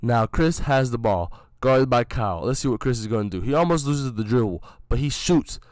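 A man's voice: medium pitch, expressive, normal speed, darkish tone, no echo, clean studio sound. A young man giving casual, joking play-by-play commentary over his own game footage, hyping a friend and mocking himself.

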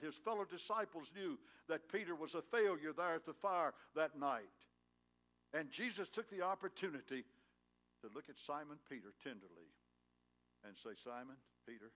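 In a church sanctuary, a male pastor with a voice on the high side delivers a sermon. He swings between loud, emphatic lines and hushed, tender ones, prodding his congregation with questions.

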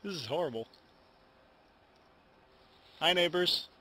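A man's voice: on the high side, animated, slow, very noisy. A young man, a YouTube channel host, talking casually to camera in a home recording, rambling and mumbling at times, with many false starts and retakes. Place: indoors at home, in front of a camera.

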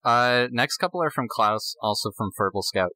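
A man's voice: medium pitch, animated, normal speed, bright, forceful tone, no room sound, low-quality recording. A man hosting a podcast, reading listener questions in an easygoing, giggly way. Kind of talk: casual chat.

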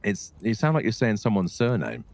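A man's voice: fairly low pitch, brisk, creaky. A man, bantering and arguing playfully with a fellow player in a roleplay game. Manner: argumentative, animated, teasing. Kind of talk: casual gaming banter.

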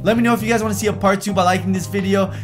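Young male reaction host, high voice, sarcastic running commentary, faint music under it. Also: steady tone, very fast. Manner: sarcastic, reads texts aloud in put-on voices.

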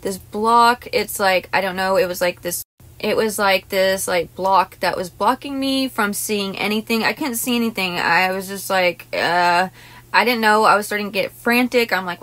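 A woman's voice: mid-range voice, normal speed, a bit bright. Woman hypnotist, casual vlog storytelling, rambling and emotional, many restarts. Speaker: hypnotist and channel host.

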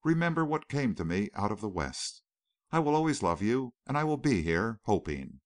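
A man playing a gentle, earnest young war veteran in an audiobook. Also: on the low side, very animated, normal speed, no room sound, clean studio sound.

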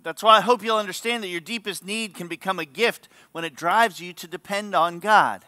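Bright-voiced pastor preaching earnestly. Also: male voice, sits high, normal speed, no echo. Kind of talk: sermon.

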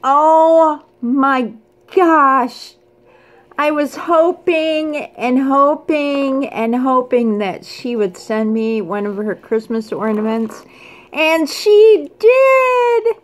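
Excitable woman, higher voice, slow casual unboxing chatter, prone to delighted squeals. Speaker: craft vlogger.

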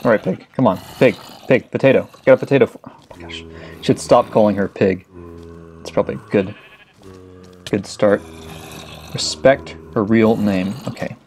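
A man's voice: fairly low pitch, moderate pace, pauses often, darkish tone, faint music behind. A young man giving frantic, swear-filled commentary while playing a video game. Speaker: let's play gamer. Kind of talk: casual gameplay commentary.

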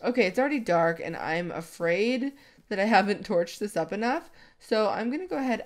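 A woman's voice: mid-range voice, expressive, moderate pace. A woman gaming YouTuber chatting casually and rambling over Minecraft gameplay, laughing at herself often. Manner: rambling, self-deprecating, with frequent laughs.

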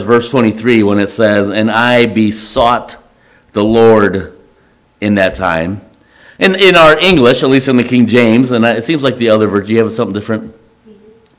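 Man, pastor, church sermon, conversational, halting restarts, mid pitch. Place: church sanctuary.

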